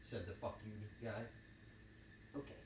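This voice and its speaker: A man with a lowish voice talks a little slowly while livestreaming from his home kitchen as he cooks. The sound is roomy with a noisy background, and he trades crude, joking, animated banter with his chat.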